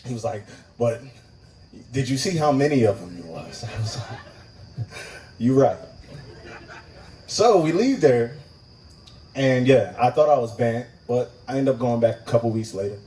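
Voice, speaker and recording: Animated man telling a profane stand-up story. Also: mid-range voice, a little slow, long pauses, recorded from a distance, low-quality recording. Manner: profane, animated, acts out voices in his story. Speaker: stand-up comic. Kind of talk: stand-up storytelling at an open mic. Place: live open mic venue.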